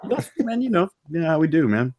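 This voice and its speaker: A man's voice: a little high, big pitch swings, fast talker, highs cut off. Profane, rambling male stream co-host. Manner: loose, rambling, swears freely. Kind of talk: casual profane chat.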